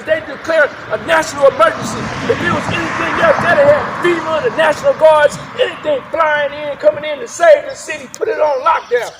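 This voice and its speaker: A man giving a fiery protest speech outdoors at a rally, often shouting and repeatedly asking the crowd "right?". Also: extremely high pitch, a little hiss or hum. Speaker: protest speaker.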